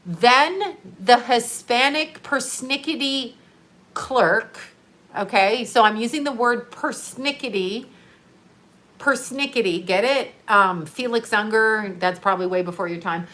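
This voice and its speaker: A middle-aged woman telling a story in a casual livestream, animated and profane, laughing often. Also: fairly high pitch, measured pace. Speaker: live streamer.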